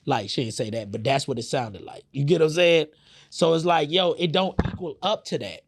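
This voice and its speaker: A man's voice: fairly high pitch, brisk. Heated, rambling man sounding off. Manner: animated, profane, heated, many fillers. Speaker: podcast host. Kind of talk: casual opinion commentary.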